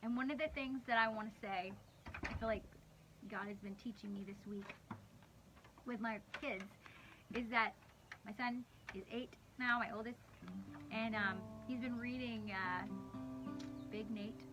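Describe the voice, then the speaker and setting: A woman's voice: fairly high pitch, fairly even intonation, unhurried, long pauses, music in the background. Chatty woman sharing a faith story. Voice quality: laughs often mid-sentence, warm and candid. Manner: rambling, conversational storytelling with many restarts. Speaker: worship leader sharing a devotional. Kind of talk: livestreamed church devotional talk.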